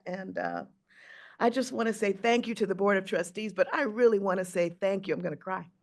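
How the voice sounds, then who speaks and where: A woman in her sixties, a jazz singer and teacher, telling a personal story in a speech, acting out the voices. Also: mid-range voice.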